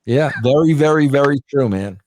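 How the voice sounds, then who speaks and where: A man's voice: mid-range voice, moderate pace, darkish tone, slight background noise. A man as an interview guest, talking emphatically in casual speech and calling everyone "bro". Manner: emphatic, says "bro" constantly.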